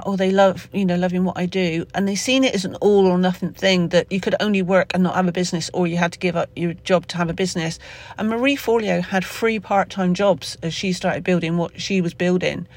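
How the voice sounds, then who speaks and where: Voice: mid-range voice, fairly even intonation, fairly quick, dry recording. Rambling podcaster with a Somerset accent. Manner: rambling, with many fillers and self-corrections. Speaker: podcast host. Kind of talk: unscripted solo podcast monologue.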